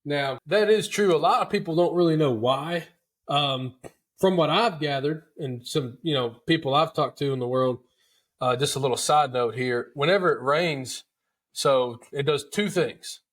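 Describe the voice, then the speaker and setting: A male podcast host with a voice on the high side, moving at a moderate pace, casually recounts a hunting tale. He keeps it chatty and folksy, repeats words, and calls the audience "dude."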